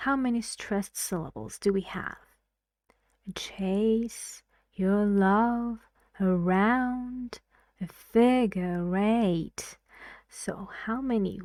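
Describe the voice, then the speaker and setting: A woman teaching English pronunciation in a mellow, warm voice. She explains patiently and counts syllables aloud, often slipping into soft near-whispers. The recording is dry and close, with no room sound. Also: mid-range voice, dry recording.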